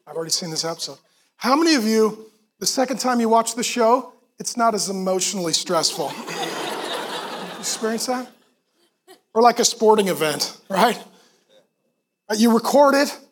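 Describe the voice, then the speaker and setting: A middle-aged male pastor preaching a sermon with animated storytelling and acted-out voices. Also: sits high, normal speed, long pauses, a little hiss or hum.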